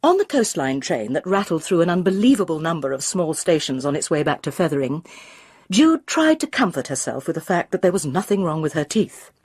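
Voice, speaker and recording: Husky low-voiced woman reading a mystery. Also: sing-song, brisk, a little mellow, no room sound, studio quality. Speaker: audiobook reader. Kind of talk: scripted narration of a mystery novel.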